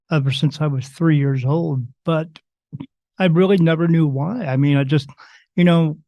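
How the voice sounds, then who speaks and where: A man's voice: a little high, dry recording. Rambling man in his fifties, dull lo-fi sound. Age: 50s. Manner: rambling, restarts and repeats himself. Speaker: guest, spirit medium. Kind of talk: podcast interview.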